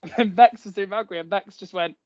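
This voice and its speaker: A man chats as an interview guest, rattling through his stories at a quick clip and leaning on "like" between phrases. His voice sits high for a man. The sound is dry and a little dull and lo-fi. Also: darkish tone, no room sound. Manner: chatty storytelling with many "like" fillers. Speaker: actor and guest. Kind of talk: casual interview chat. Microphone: headphones.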